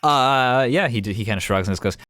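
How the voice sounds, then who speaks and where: A man narrating as game master of a streamed tabletop game, rambling rapidly and loosely with many fillers. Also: medium pitch, fairly bright tone, dry recording.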